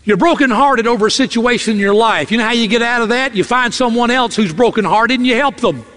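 A man's voice: extremely high pitch, fast, fairly bright tone, in a large hall. A man preaching an expository sermon, emphatic and acting out quoted lines in character.

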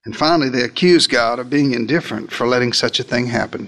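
A man's voice: mid-range voice, quick pace, hardly any pauses, a bit bright. A male preacher delivering a sermon, retelling scripture as a dramatic first-person story and speaking directly to his listeners.

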